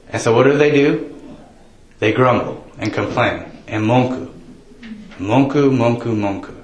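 A man delivering a sermon in a chatty, joking way, his voice sitting in a middle pitch. He acts out people's prayers in a raised voice. The sound carries a roomy echo, as if from a church hall. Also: slight background noise. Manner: conversational, jokey, quotes prayers in raised voice. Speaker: pastor.

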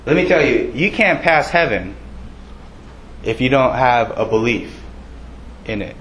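A man delivers a sermon in a loose, conversational manner, pausing often with ums and uhs. His voice sits at an ordinary middle pitch. The room around him rings with echo. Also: expressive, fairly bright tone, a little hiss or hum. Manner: casual, conversational preaching with many fillers. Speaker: preacher. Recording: echoey room.

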